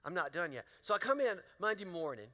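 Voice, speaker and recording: Here a pastor talks fast in a high voice, swinging widely in pitch, bright and forceful. His sermon mixes folksy stories with questions to the congregation, and the large church auditorium leaves a long reverb on the recording.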